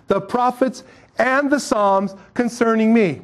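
A male pastor preaching a sermon, swinging between loud emphatic lines and quiet asides. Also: high voice, expressive, unhurried.

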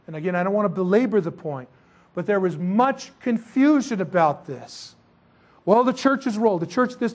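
A man with a high, light voice delivers a sermon in a relaxed, chatty style. He swings between big emphatic lines and quiet asides, keeping it informal and animated. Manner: casual, animated preaching with asides and humor. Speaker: pastor.

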